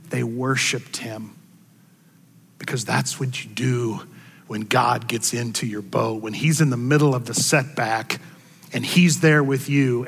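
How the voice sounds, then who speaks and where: A man preaching a sermon as pastor. He gets louder and higher when he voices the words of the people in his story. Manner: expressive, rises in pitch and volume for quoted words. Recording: long hall reverb.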